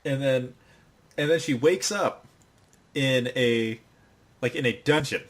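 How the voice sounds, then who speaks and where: A man's voice: medium pitch, slow. A man co-hosting a podcast, casually recapping an anime scene by scene and acting out the characters' lines with gusto. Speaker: podcast co-host.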